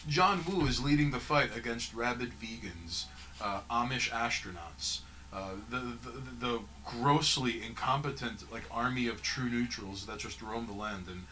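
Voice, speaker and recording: Man, casual stream host, joking, reads chat, very bright tone, faint noise. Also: medium pitch, normal speed, low-quality recording. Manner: joking, reads viewer comments aloud.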